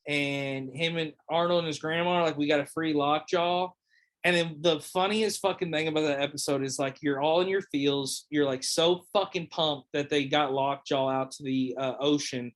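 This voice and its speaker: A man's voice: a little high, steady tone, normal speed, a bit bright. A young man chatting casually on a podcast, rambling with lots of fillers and swearing. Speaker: podcast host or guest. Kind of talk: casual chat.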